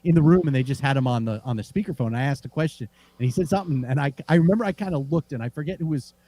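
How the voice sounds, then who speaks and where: Racing along in a voice on the high side, a male co-host on a laid-back sports podcast spins meandering stories. He's animated, often restarting his sentences and laughing as he goes.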